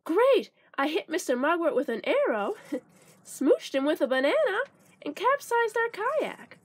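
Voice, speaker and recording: A woman voicing a clumsy, cheerful young boy frog in a storybook reading, speaking in a squeaky, eager way. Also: very animated, measured pace, exaggerated voice. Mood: excited.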